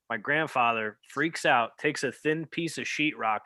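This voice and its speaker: A man's voice: mid-range voice, moderate pace, few pauses, no room sound. A man, hosting a podcast and swapping stories about his father in casual chat. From New York. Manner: lively, swears casually, laughs loudly. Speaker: podcast host.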